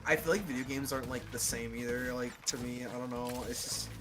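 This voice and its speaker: A man's voice: mid-range voice, steady tone, a little fast, music in the background. A twenty-one-year-old man chatting as a guest on a live stream, in a rambling, hesitant way. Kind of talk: casual voice-call chat.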